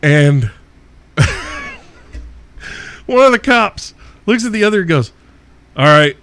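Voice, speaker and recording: A man's voice: high voice, sing-song, slow pace, a bit bright, no echo. Profane, laughing male podcast host. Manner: profane, laughs through his own story. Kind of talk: casual storytelling.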